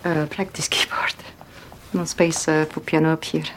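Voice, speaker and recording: A woman's voice: low-pitched, little pitch movement, normal speed, heavy background noise, lightly acted. An actress as a struggling Bosnian mother. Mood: guarded. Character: poor Bosnian mother, woman, struggling, guarded. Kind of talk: film dialogue. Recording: film clip with music behind.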